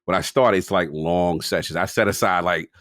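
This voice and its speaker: A man's voice: low voice, normal speed, a bit bright, dry recording, studio quality. A man co-hosting a podcast, telling a gaming story in casual chat and acting out his own reactions. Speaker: podcast co-host.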